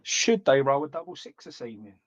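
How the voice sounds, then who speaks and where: A man's voice: mid-range voice, animated, brisk, dry recording. A man hosting a live trading card stream, chatting casually and calling viewers mate.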